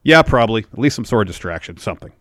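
Male podcast co-host, lowish voice, dry close sound, steady blow-by-blow recapper. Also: racing, no echo. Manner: steady play-by-play recap of matches. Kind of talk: casual show review chat.

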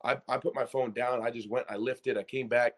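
A young man from Pennsylvania, a former college basketball player, telling a story in a casual podcast interview, excited and rambling, acting out quotes. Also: medium pitch, brisk. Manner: excited, rambling, full of restarts and acted-out quotes.

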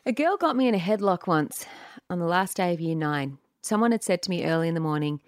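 Lively australian woman telling stories. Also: on the low side, quick pace, no echo, clean studio sound. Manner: animated, laughs often, acts out her dad's lines. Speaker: guest. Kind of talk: casual storytelling chat.

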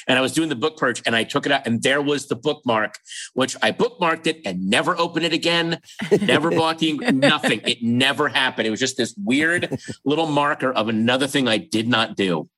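A man in a casual comedic podcast chat, telling stories with animated enthusiasm. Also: medium pitch, fairly quick, poor audio.

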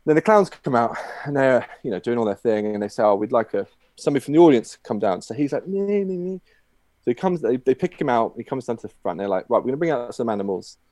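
A man's voice: medium pitch, animated, rapid-fire, darkish tone, no echo. A man guest telling a long shaggy dog joke, rambling with many fillers and restarts.

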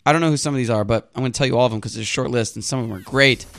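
A man's voice: mid-range voice, very fast, creaky, fairly bright tone. A young man co-hosting a casual podcast, eagerly reading out a list of new music releases. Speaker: podcast co-host.

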